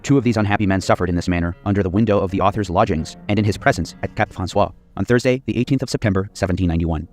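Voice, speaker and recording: A man reading scripted history documentary narration in a steady, measured way, including quoted accounts. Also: low voice.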